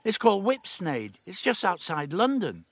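A man's voice: sits high, huge pitch swings, normal speed, slightly rough, dry recording, pitched above the performer's own voice, full character voice. A man voicing a defiant, know-it-all teenage girl in an audiobook. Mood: scornful. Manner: cocky, scornful, know-it-all. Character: defiant cheeky teenage girl time traveller. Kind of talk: audiobook dialogue.

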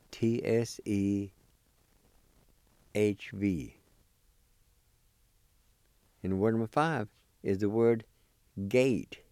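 A man from Oklahoma, United States, speaks in a lowish, mellow, clear and resonant voice with no echo. He's teaching a language on the radio slowly, patiently spelling words letter by letter and repeating each syllable.

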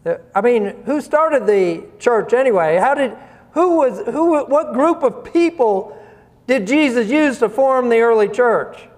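A man's voice: very high voice, expressive, a little slow. A man preaching a sermon, asking rhetorical questions and chuckling between points. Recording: long hall reverb.

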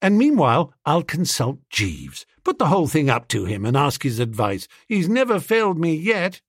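Guy playing a chatty young toff, husky, bouncy up-and-down voice. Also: fairly high pitch, moderate pace, dry recording, clean studio sound, voice pushed up, heavily acted. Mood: breezy. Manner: excitable, chummy, exclamatory. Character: breezy impulsive young gentleman.

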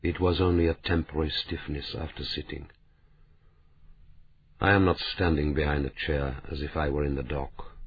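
A man's voice: very deep voice, flat delivery, moderate pace, slight background noise. A man voicing a proud, frail old man who speaks stiffly and formally, in a storybook reading. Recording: tinny phone-like sound.

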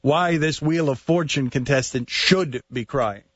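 A man's voice: mid-range voice, measured pace, background noise. A man hosting a sports radio show, probing and teasing his co-host. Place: radio studio. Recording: dull studio audio.

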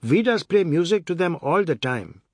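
Man voicing a boastful warden, raised pitch, pushy, dry sound. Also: big pitch swings, normal speed, no room sound. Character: brash loud male city asylum warden.

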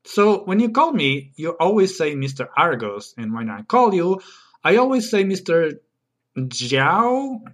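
A man's voice: high voice, sing-song, measured pace, a bit bright, exaggerated voice. A man acting an eager, talkative guest expert in a comedy sketch who keeps pushing his own ideas. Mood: enthusiastic. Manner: eager, enthusiastic, rambling. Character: eager male guest expert, adult, chatty and stubborn. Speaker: podcast guest.

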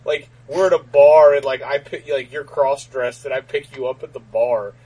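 A man's voice: medium pitch, steady tone, normal speed, mellow, slightly rough, poor audio. A man co-hosting a podcast, rambling through jokes with many fillers and frequent laughter. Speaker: podcast co-host. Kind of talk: casual comedic banter.

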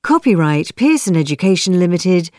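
Female announcer for coursebook audio: lower voice, lively intonation, measured headings. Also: no echo, studio quality. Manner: plain, measured announcing of track and section headings.

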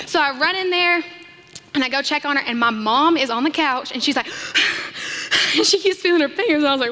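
A young woman, a church missions director, telling an animated story from the stage and acting out the voices in it. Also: high voice, normal speed. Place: church sanctuary. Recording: long hall reverb.

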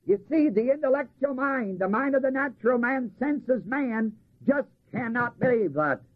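A man preaches in a husky, fairly high voice that swings widely in pitch. He reads scripture aloud and pauses for the listeners to supply the missing word. The sound is thin and tinny, as if from an old lo-fi recording. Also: lively intonation. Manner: asks the congregation to fill in words, slows to stress key phrases. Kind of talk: sermon.

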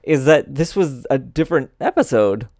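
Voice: mid-range voice, animated, moderate pace, a little mellow, no room sound, studio quality. A podcast co-host in casual chat about a TV episode, easygoing and hesitant with many fillers.

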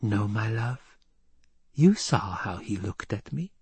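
Brief: cool, scheming noblewoman, read by a man, hushed and slow, dry close sound. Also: lowish voice, animated, husky, dry recording, exaggerated voice. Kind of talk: audiobook character voice.

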